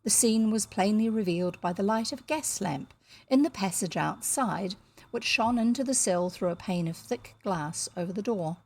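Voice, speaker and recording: A woman's voice: mid-range voice, moderate pace, a little mellow. A woman from New Zealand with a New Zealand accent, reading a children's novel aloud with chatty asides. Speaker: audiobook reader.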